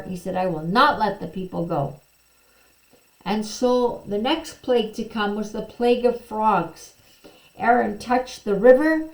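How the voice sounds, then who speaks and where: A woman teacher telling a Bible story to children in a slow, gentle way, pointing out the pictures as she goes. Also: on the high side. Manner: slow, gentle storytelling, quoting figures with a bit more lift. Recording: echoey room.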